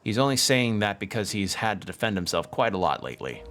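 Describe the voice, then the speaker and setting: A man's voice: fairly low pitch, very animated, fast talker, hardly any pauses, fairly bright tone, faint music behind. A man streaming a game, reading its text aloud and often stumbling over words.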